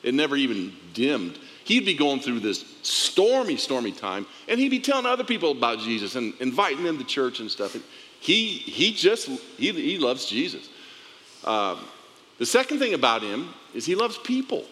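A man with a lively, bright voice pays tribute haltingly, often restarting his sentences. A hall's long reverb and faint ambience sit behind him. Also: mid-range voice, slight background noise. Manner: halting, warm, repeats words. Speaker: guest, longtime friend of the pastor. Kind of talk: heartfelt tribute.

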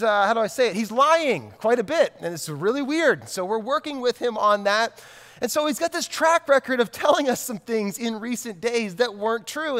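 High-voiced male pastor in a reverberant hall. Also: fairly bright tone. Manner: conversational, repeats key lines for emphasis. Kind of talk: sermon.

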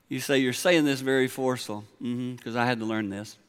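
A middle-aged man, preaching a sermon in a large church, moving from quiet storytelling to emphatic points. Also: medium pitch, fairly even intonation, fairly quick, few pauses, smooth. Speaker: pastor. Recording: long hall reverb.

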